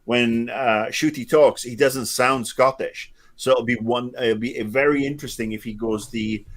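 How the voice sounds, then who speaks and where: A man's voice: mid-range voice, steady tone, normal speed. A man in his fifties riffing in a loose podcast conversation. His delivery is playful and sarcastic, with many fillers and restarts along the way. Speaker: podcast co-host. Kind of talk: casual chat.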